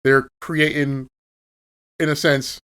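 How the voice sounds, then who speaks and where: A man's voice: fairly high pitch, level tone, takes it slowly, fairly bright tone, clear, resonant tone. A man co-hosting a casual podcast, talking in an emphatic, profane and sarcastic way. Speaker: podcast co-host.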